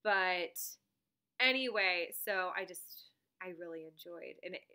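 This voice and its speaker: A woman's voice: lowish voice, measured pace, pushed and bright, clean tone. A woman talking casually to her viewers in a rambling, chatty way, often breaking into laughs; she is a teacher who makes reaction videos, speaking at home to a camera mic.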